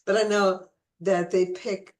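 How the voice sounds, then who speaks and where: A woman's voice: medium pitch, level tone, measured pace, darkish tone. A woman hosting a casual conversational interview, chatty and restarting her phrases, with the hiccups. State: has the hiccups.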